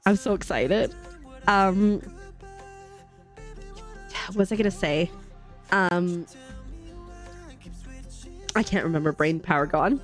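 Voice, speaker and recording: A woman's voice: on the low side, slow, pauses often, soft background music. A young woman hosting a live craft stream, chatting casually and rambling to her chat while she stitches, recorded at home on a desk mic. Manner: bubbly, rambling, reads and answers chat. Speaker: livestream host.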